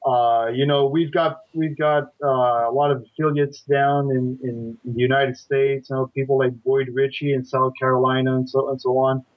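A man who teaches catch wrestling, a guest chatting casually, talking in a halting way with many fillers and repeated starts. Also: mid-range voice, flat delivery, no echo, dull audio. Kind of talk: casual podcast chat.

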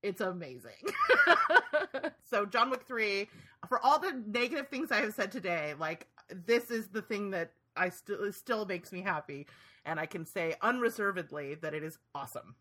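A woman's voice: mid-range voice, expressive, moderate pace, fairly bright tone. A woman hosting a podcast in casual chat, gushing and laughing, with plenty of "like" in her speech. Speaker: podcast host.

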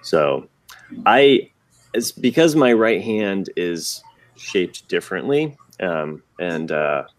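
A man co-hosting a podcast, telling a personal story in a rambling, halting way with many restarts. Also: low-pitched, big pitch swings, dry recording. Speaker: podcast co-host. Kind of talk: casual chat.

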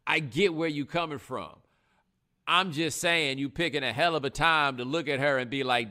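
A man's voice: on the high side, moderate pace. A man hosting a live stream, talking casually in slang and acting out other people's words. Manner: animated, slangy, acts out other people in quotes. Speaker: host.

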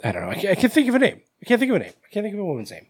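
A man's voice: high voice, huge pitch swings, very fast, husky, dry recording. A man co-hosting a casual podcast about horror movies, joking and laughing as he talks. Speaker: podcast co-host. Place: same room as co-host, dry recording.

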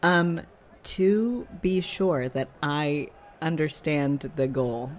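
Unhurried woman, a hesitant tabletop player. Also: low-pitched, slight background noise. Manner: hesitant, many fillers. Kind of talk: casual tabletop play.

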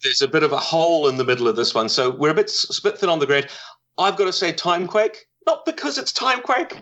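A man with a New Zealand accent, a podcast guest recapping in a rushed, self-deprecating way. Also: a little high, expressive, a bit bright. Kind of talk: casual chat.

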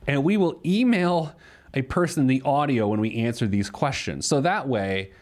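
A man's voice: mid-range voice, expressive, moderate pace, darkish tone. A man hosting a money advice show, talking casually and joking, with lots of fillers. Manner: joking, rambling with many fillers. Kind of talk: casual radio show banter.

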